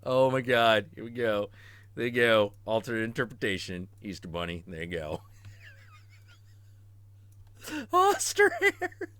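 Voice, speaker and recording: A man's voice: fairly low pitch, fairly even intonation, normal speed, a bit bright, smooth, dry recording. A man hosting a livestream, rambling crudely with lots of swearing and laughing. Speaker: streamer, show host.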